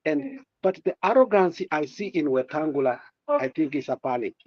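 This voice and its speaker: A man's voice: on the high side, sing-song, moderate pace, dry recording, dull audio. Passionate man commenting on politics, dry sound. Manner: passionate, repetitive, with many fillers. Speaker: guest commentator.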